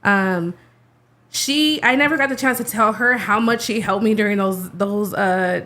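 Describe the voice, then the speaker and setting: A woman's voice: mid-range voice, unhurried, sharp tone. A woman, co-hosting a podcast in a studio, tearful as she talks in a rambling, heartfelt way, full of fillers and restarts. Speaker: podcast co-host. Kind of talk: casual podcast chat.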